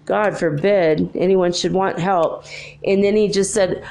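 A woman's voice: on the low side, steady tone, a little slow, vocal fry, a little mellow. A woman talking in a casual vlog monologue, rambling through a story with lots of filler words.

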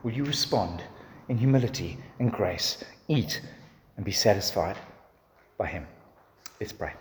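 A man's voice: fairly low pitch, lively intonation, measured pace, long pauses, long reverb tail, slight background noise. A male pastor preaching a sermon in a building, repetitive cadence, ending in prayer.

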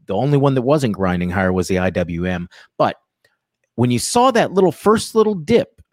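A man co-hosting a casual trading show, talking through charts in a lively, joking way. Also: mid-range voice, moderate pace, no room sound, studio quality. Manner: lively, jokey, vivid chart talk. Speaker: co-host. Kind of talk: casual market commentary.

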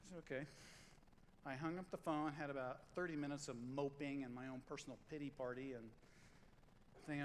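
A middle-aged man preaching a sermon as pastor, lively and joking, repeating lines for emphasis. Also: medium pitch, fairly quick, long pauses. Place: church sanctuary. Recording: long hall reverb, faint room noise.

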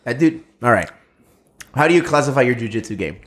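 A man's voice: mid-range voice, lively intonation, brisk. A man from San Diego hosting a podcast, joking crudely and mixing Spanish slang into casual banter. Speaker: podcast host.

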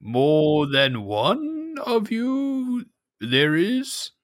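A man voicing a solemn male cave villager who speaks slow, halting, broken English. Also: fairly high pitch, huge pitch swings, no echo, studio quality, pitched above the performer's own voice, heavily acted.

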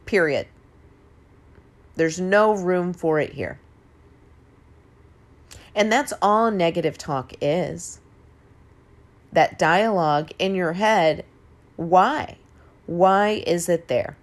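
A woman in her forties hosts a motivational monologue, emphatic and casual, with occasional swearing and easy laughter. Her voice sits on the low side, and she speaks slowly with long pauses.

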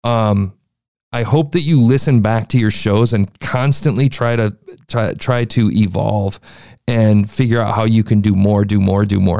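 A young man talks through a podcast review in a loose, chatty way, often restarting his sentences. His voice is gravelly and dark. The sound is dry and close. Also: on the low side, fairly even intonation, a little slow, dry recording. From United States. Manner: chatty, frequent restarts and fillers. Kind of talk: casual critique commentary.

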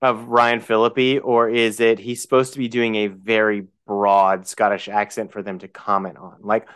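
A man's voice: lowish voice, level tone, moderate pace, a bit bright, clean tone. A man co-hosting a podcast, chatting about a film and asking questions as he thinks aloud. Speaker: podcast co-host. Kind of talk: casual film discussion.

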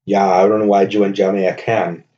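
Podcast host: rambling, profane man, lowish voice, dull lo-fi mic. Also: level tone, brisk, dark tone. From New Jersey. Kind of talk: casual comedy monologue.

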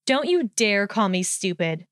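A woman reading the part of a sharp, defiant young witch, with a smooth, dry voice. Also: mid-range voice, very animated, a little slow, no room sound. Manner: crisp, defiant, haughty.

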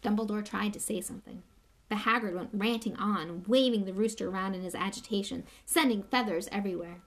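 A woman reading a novel aloud with expressive, measured storytelling. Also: medium pitch. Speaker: reader.

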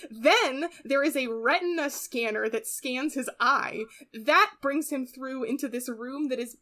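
A woman's voice: sits high, a little slow, bright, forceful tone. A young adult woman co-hosting a podcast, chatting casually and giggling, with many "like" fillers. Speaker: podcast co-host recapping an anime episode. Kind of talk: casual chat.

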